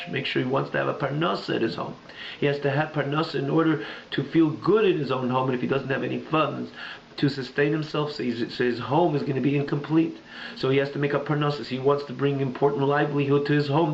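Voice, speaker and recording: A man with a heavily gravelly voice gives a Torah class, telling a parable in halting, repeating phrases. The room echoes around him and the recording sounds dull and lo-fi, with faint noise underneath. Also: medium pitch. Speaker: Jewish teacher.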